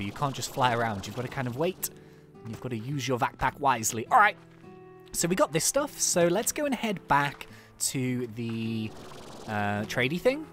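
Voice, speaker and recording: A let's-play host chatting excitedly through gameplay, laughing often and reacting out loud. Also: medium pitch. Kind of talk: casual gameplay commentary.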